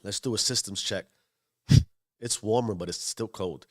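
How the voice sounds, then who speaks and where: A man's voice: fairly low pitch, slow, pauses often, no echo, studio quality. A man in his forties from the South Bronx, musing aloud in an early-morning self-improvement vlog and calling his viewers his beautiful people. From South Bronx, New York. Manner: musing, repeats phrases, addresses viewers warmly. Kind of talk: early-morning reflective monologue.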